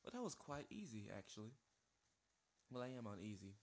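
A man hosting casual gameplay commentary, rambling with fillers and breaking into high yelps and shouts at the game. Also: sing-song, fairly quick, noisy background. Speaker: let's play host. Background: game music.

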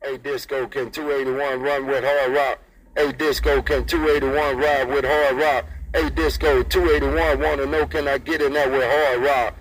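A man's voice: mid-range voice, level tone, normal speed, rough recording. A man chatting over CB radio in a sing-song, repetitive rhythm, repeating call signs and friendly sign-offs. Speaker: CB radio operator. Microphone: CB radio handset.

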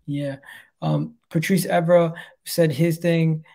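Gravelly young man hosting football chat. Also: a little high, little pitch movement, slow, mellow. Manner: chatty, laughs easily, breaks into impressions. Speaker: football channel host. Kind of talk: casual chat.

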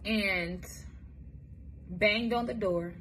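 A woman's voice: mid-range voice, fairly bright tone, a little hiss or hum. A young woman from Michigan, telling her own life story to the camera in a blunt, profane way, often stopping and restarting. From Michigan, USA. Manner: candid, profane, halting with restarts. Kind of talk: personal testimony, casual storytelling.

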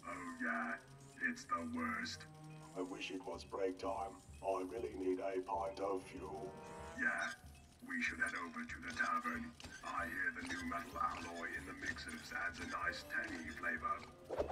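An actor playing bored male robot guards grumbling to each other in a flat, gossipy way. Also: sits low, measured pace. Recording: distant, roomy game audio with loud music.

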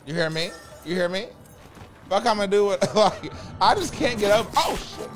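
Young male gaming streamer, high voice, flamboyant and sassy, profane, quick loud outbursts. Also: over music. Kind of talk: casual gameplay commentary.

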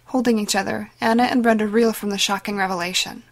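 A woman giving dramatic, measured scripted narration of a story. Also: mid-range voice, steady tone. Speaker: audiobook narrator.

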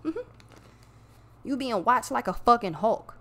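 A woman's voice: on the high side, big pitch swings, measured pace, fairly bright tone. Blunt, profane woman reading tarot. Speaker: tarot reader. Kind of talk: casual tarot reading monologue.

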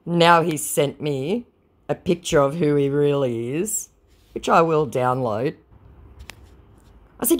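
A woman's voice: low-pitched, takes it slowly, long pauses. A woman at home giving blunt, sarcastic, casual commentary on chat messages, swearing freely. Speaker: scam baiter. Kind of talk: casual commentary reading chats.

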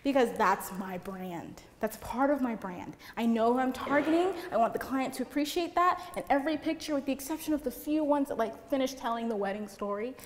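Loud chatty woman speaking in a reverberant hall. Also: high voice, brisk, few pauses, slight background noise. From Puerto Rico. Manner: chatty, lots of "like". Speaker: seminar speaker. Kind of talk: seminar talk to photographers. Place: seminar room with an audience. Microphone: handheld mic.

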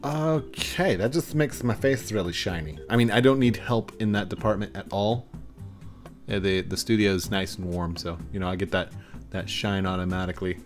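A man's voice: fairly low pitch, moderate pace, faint music behind. A young man hosting a gaming video, casually commenting on camera filters in a playful, rambling, self-mocking way. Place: warm home studio.

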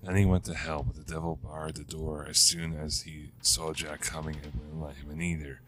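Guy telling a spooky campfire-type story, super deep voice, pretty monotone, steady pace. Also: background noise. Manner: measured, steady storytelling with small restarts. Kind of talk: ghost story narration.

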